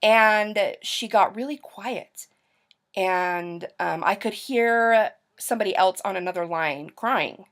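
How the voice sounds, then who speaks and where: Chatty young woman with a gravelly edge. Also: mid-range voice, takes it slowly, a bit bright. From Utah. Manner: chatty, rambling, many fillers and restarts. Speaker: vlogger. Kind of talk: casual storytelling to camera.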